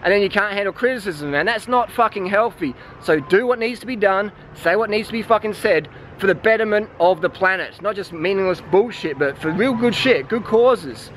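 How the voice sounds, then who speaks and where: A man with a notably high voice delivers a blunt, swear-filled monologue. He talks straight at the camera in a preachy, heated way. Faint street and traffic noise sits behind him outdoors. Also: a little fast, hardly any pauses, a bit bright. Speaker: vlogger. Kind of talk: ranting vlog monologue.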